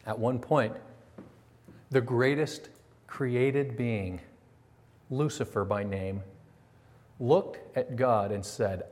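A man's voice: medium pitch, slow, pauses often, darkish tone. A man preaching a sermon, telling a story with acted quotes and rhetorical questions. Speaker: pastor. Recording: long reverb of a large hall.

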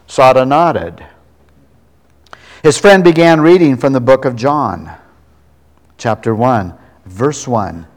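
An earnest man tells a conversion story from the pulpit, his voice at an ordinary middle pitch. He slows down to lean on key words. His voice rings out with the long reverb of a large hall. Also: expressive. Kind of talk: sermon storytelling.

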